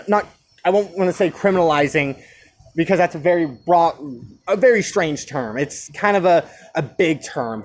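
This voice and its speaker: A young man ranting alone about division and free speech, impassioned, firing rhetorical questions and restarting his phrases. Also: high-pitched. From United States. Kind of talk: solo rant.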